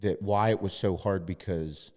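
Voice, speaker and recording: Animated, profane man, podcast host. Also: sits low, normal speed, big-room sound. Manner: animated, profane, acts out quoted voices. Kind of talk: casual podcast chat.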